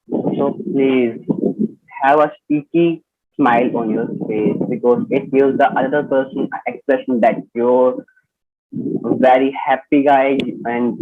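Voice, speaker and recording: A man teaching an online personality development class, explaining points and checking in often with the listeners. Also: mid-range voice. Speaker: instructor. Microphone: video call. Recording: tinny phone-like online call audio.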